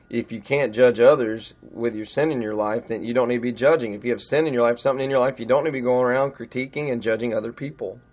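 A man's voice: medium pitch, vocal fry, muffled recording. A middle-aged man preaching a sermon in a conversational way, growing emphatic as he retells a story. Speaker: pastor.

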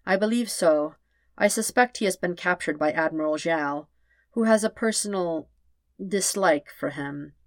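A soft-spoken old man, formal and sorrowful, speaking low and hushed in a storybook reading, as a woman puts him on. The voice sits low and dry, close and plain. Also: a little slow, no room sound, lightly acted. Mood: grave. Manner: formal, grave, quiet.

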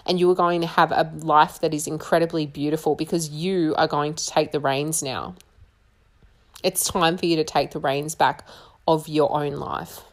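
A woman's voice: sits low, fairly even intonation, normal speed. A young woman talking earnestly and encouragingly, giving personal advice in a conversational way. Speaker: single mother sharing advice. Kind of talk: personal advice talk to camera.

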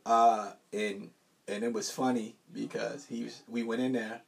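A man's voice: mid-range voice, a little slow, gravelly, distant mic. A man co-hosting a podcast, telling stories casually with a lot of slang. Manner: relaxed storytelling with slang. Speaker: podcast co-host. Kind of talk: casual chat.

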